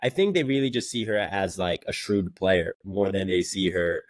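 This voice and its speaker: A man's voice: deep voice, normal speed, no room sound. A young man, a co-host, chatting casually and recapping a show with lots of fillers. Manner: loose, filler-heavy recap talk. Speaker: co-host, former contestant. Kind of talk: casual chat.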